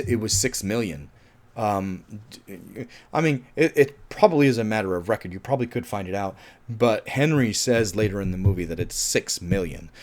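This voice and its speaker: Animated, rambling man reviewing a film. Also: mid-range voice. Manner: rambling and animated, swears often, laughs, restarts a lot. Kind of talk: casual spoken film review.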